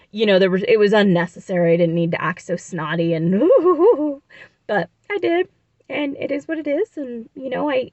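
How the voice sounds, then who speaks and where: A woman's voice: mid-range voice, no room sound. Chatty woman vlogger, dull dry recording. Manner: chatty, rambling, self-reflective with many fillers. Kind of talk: casual confessional storytelling.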